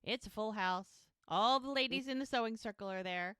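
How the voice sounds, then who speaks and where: A fairly high-pitched woman speaks at a moderate pace, her tone clear and resonant, in an echo-free studio recording. As a podcast co-host, she casually walks through scenes from a show and acts out characters' dialogue in animated voices.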